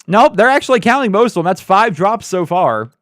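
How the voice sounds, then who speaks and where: A man's voice: high-pitched, big pitch swings, a little fast, fairly bright tone, dry recording. A young man giving casual commentary over a football video game, flustered and exasperated, often laughing in disbelief. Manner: flustered, exasperated, laughing at his own bad luck. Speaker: gaming YouTuber.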